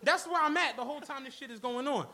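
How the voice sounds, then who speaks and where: A man, hosting a live podcast show and telling a comic story in an animated, slangy way with frequent laughter. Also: extremely high pitch, fast. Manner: animated, laughing, slangy, acts out other people's lines. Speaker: podcast host. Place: comedy club stage.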